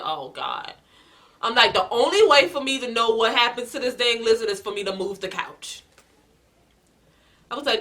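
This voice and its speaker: A woman vlogger with a bright, forceful voice sitting a little high for a woman. She tells a casual storytime to camera, acting out her own lines in the story and calling out to her viewers as she goes. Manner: animated storyteller who acts out her own past lines and addresses viewers as y'all.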